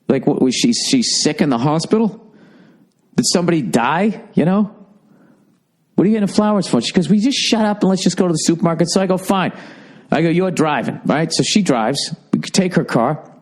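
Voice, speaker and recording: A man's voice: on the high side, darkish tone. Profane ranting man, podcast host. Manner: acts out quoted exchanges. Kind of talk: casual comedic monologue.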